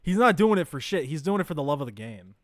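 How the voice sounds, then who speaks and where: A man's voice: on the high side, sing-song, fast, no room sound, clean studio sound. A young man streaming a casual live reaction, blunt, profane and incredulous, often laughing.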